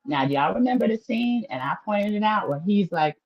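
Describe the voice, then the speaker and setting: A woman's voice: mid-range voice, expressive, brisk, lo-fi sound. A woman hosting a casual livestream recap of a reality show, chatty and opinionated, talking straight to her viewers.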